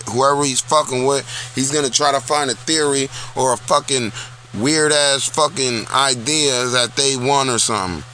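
A man on a loose, foul-mouthed rant, hammering each point home again and again. His voice is bright and forceful, pushed hard at the front. He is talking straight to his own audience. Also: medium pitch, slight background noise. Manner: blunt, profane, repetitive ranting. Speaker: vlog host. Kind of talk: casual profane rant. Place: small town.

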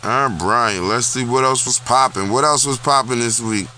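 A man on a loose, foul-mouthed rant, hammering each point home again and again. His voice is bright and forceful, pushed hard at the front. He is talking straight to his own audience. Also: mid-range voice, normal speed, a little hiss or hum. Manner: blunt, profane, repetitive ranting. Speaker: vlog host. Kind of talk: casual profane rant. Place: small town.

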